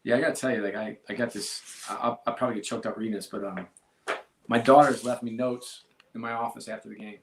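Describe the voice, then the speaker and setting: Man, middle-aged, gravelly, earnest, halting restarts, interview guest. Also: medium pitch, fairly even intonation, roomy sound, a little hiss or hum. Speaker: sports team executive, guest. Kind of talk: candid interview talk.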